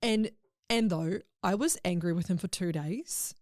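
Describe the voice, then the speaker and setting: A woman's voice: on the low side, a little slow, a little mellow, no room sound, studio quality. A woman guest on a podcast, telling a personal story in a candid, emotional way in casual chat.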